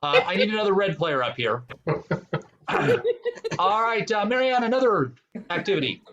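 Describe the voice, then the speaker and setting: A man's voice: high-pitched, lively intonation, moderate pace, highs cut off, background noise. A man hosting an online improv comedy game, explaining rules with plenty of fillers. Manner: rambling, many fillers. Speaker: improv show host.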